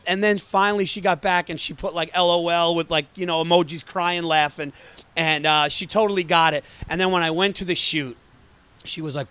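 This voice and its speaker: High-voiced animated male comedian. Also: fairly quick. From Greek and Sicilian heritage. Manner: excitable, acts out both sides of a conversation. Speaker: comedian guest. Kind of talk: animated storytelling.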